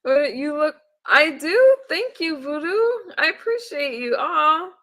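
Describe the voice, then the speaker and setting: A woman's voice: sits high, big pitch swings, takes it slowly, fairly bright tone. A woman on a casual live-stream check-in, chatty and emotional, greeting viewers by name and often trailing off and restarting. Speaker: livestreamer.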